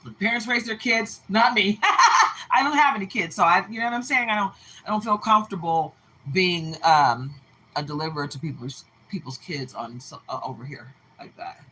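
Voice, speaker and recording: A woman's voice: medium pitch, moderate pace, bright, forceful tone, a little hiss or hum, rough recording. A woman reading tarot on a livestream, chatting in an emphatic, talkative way and greeting viewers by name. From Texas. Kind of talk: casual livestream chat.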